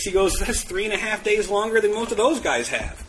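A man with a bright, forceful voice tells his own recovery story candidly, poking fun at himself, laughing often and tripping over repeated words. His pitch sits in a middle range. A faint hum of room noise is heard behind him. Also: expressive, a little fast, poor audio. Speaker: speaker sharing recovery story. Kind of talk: personal testimony at a meeting.

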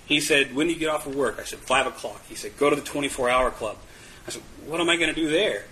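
A man's voice: mid-range voice, fast talker, sharp tone, slight background noise, poor audio. A man sharing his recovery story in a candid, self-mocking way, often laughing and restarting his words. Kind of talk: personal testimony at a meeting.

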